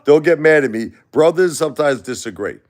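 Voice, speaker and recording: A man's voice: a little high, lively intonation, fairly quick. A middle-aged man hosting a livestream, talking bluntly and emphatically, often repeating himself. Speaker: livestream host. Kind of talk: casual opinion talk.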